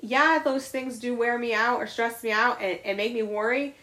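A woman's voice: a little high, fairly even intonation, normal speed, pushed and bright. A middle-aged woman co-hosting a podcast, talking in a blunt, confessional way with frequent swearing. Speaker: podcast co-host. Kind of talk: candid casual chat.

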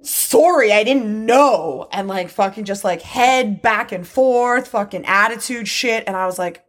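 A woman in casual conversation with a friend, blunt and heavy on profanity. She acts out both sides of an argument she recounts, and her pitch stays in the middle of the usual range. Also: moderate pace. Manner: blunt, profane, animated storytelling. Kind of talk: casual chat.

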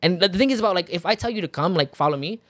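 A man in his thirties, a podcast guest telling lively stories with lots of swearing and laughter. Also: high voice, rapid-fire, dry recording. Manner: animated storytelling, swearing, laughs often. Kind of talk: casual chat.

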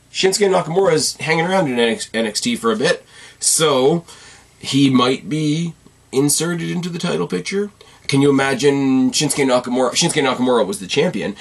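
A tired young man hosting his own channel, rambling through casual wrestling commentary and swearing freely. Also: medium pitch. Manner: rambling, profane and animated. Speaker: wrestling video host.

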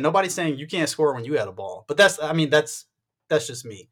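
A man co-hosting a casual sports chat, animated and stammering, with many restarts, acting out what others said. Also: a little high, fast talker. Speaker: podcast co-host.

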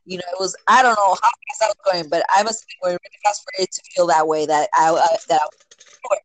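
A woman casually telling a personal story, filling it with "like" and "right?" and acting out quotes with sudden jumps in pitch. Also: fairly even intonation, fast, rough recording. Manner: filler-heavy, many "like" and "right?".

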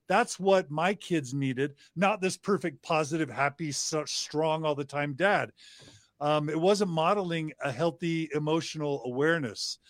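A man's voice: fairly high pitch, a little slow, dry recording, studio quality. A middle-aged man talking earnestly and reflectively as a podcast guest, often restarting his sentences. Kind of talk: casual conversation.

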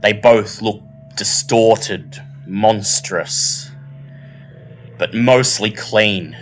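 Guy gm narrating a vampire game real slow, faint music behind. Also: fairly low pitch. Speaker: game master.

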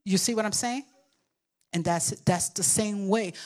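A woman's voice: unhurried, darkish tone. An older woman pastor preaching a sermon with emphatic call-and-response to the congregation, sometimes acting out babbling toddlers. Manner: acts out babbling toddlers in a squeaky voice.

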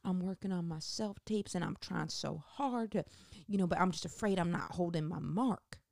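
Woman impersonating a Southern country actress, eager and gushing, softer than her own voice. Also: fairly low pitch, moderate pace, vocal fry, no room sound, clean studio sound. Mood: earnest gushing. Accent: Southern US, rural Louisiana. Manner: gushing, breathless, sincere.

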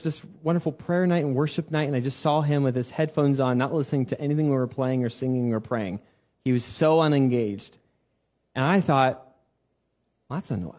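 A man preaching a conversational sermon as a worship pastor, telling stories and acting out the voices of the people he quotes. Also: mid-range voice. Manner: animated storytelling, acts out quoted voices. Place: church sanctuary.

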